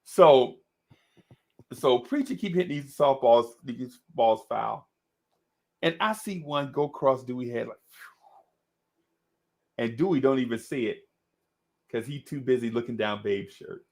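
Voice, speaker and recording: A middle-aged man telling a story in an animated, casual way, laughing often and calling his listener "bro.". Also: medium pitch, normal speed. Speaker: podcast host.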